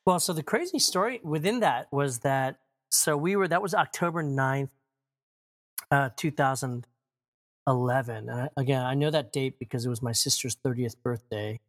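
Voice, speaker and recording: A man's voice: medium pitch, normal speed. A man in his forties, a pastor, sitting for a casual interview. He tells his story with energy, mimics the people in it, and laughs readily. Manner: animated storyteller, acts out quotes, laughs often. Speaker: pastor, guest.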